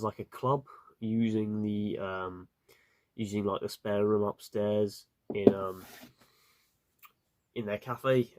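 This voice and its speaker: A man's voice: fairly low pitch, a little mellow. A man giving a casual, rambling spoken review, full of fillers and restarts. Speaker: video reviewer.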